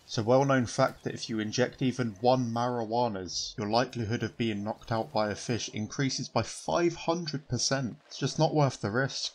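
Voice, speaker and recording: A man's voice: medium pitch, moderate pace, hardly any pauses. A man giving joking commentary over a video game in a dry, sarcastic manner. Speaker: gaming channel host.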